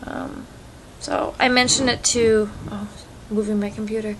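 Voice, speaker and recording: Slow-talking chatty young woman vlogging. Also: mid-range voice, flat delivery, fairly bright tone, slight background noise, low-quality recording. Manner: chatty, rambling, easygoing. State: allergies, itchy eyes. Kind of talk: casual chat. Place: home with a cat. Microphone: phone camera.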